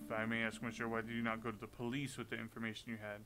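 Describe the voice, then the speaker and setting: A man voicing a shrewd, blunt male falcon attorney who speaks in a crisp, firm, matter-of-fact way. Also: mid-range voice, little pitch movement, rapid-fire, over music, natural voice. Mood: probing.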